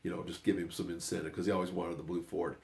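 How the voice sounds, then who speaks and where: An older man with a rough, gravelly voice pitched a little low tells a family story. He rambles and drifts off track, then pulls himself back with another "anyway". It's loose, casual storytelling. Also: level tone, fast talker. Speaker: grandfather telling family stories.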